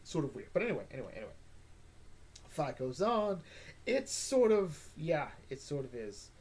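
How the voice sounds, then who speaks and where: A man's voice: fairly high pitch, sing-song, normal speed, a little mellow, breathy edge. A man hosting a casual comic book recap, rambling and joking with sarcastic asides. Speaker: comic book podcast host.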